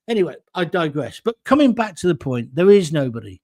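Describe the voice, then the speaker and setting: A man's voice: high voice, big pitch swings, fast, darkish tone. An older man from England hosting a political talk show, delivering a blunt, opinionated monologue with sarcastic asides. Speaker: host.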